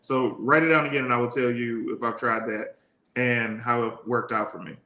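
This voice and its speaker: Bright-voiced easygoing man co-host. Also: mid-range voice, fairly even intonation, normal speed. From Detroit. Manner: easygoing, rambling storyteller. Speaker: podcast co-host. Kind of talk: casual live-stream chat. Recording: echoey room.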